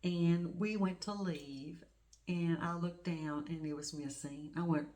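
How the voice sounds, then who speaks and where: A middle-aged woman with a fairly low voice talks in a loose, chatty way. She rambles and gushes over small things, like a craft channel host showing off her work. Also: steady tone, slow, warm tone. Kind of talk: casual show-and-tell chat.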